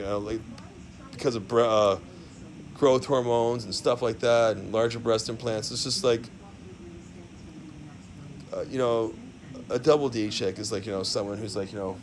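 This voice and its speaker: A man's voice: mid-range voice, slight background noise. A man ranting into the camera, rambling and profane, forever tacking "man" and "right" onto his sentences. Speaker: vlogger. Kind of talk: profane rant.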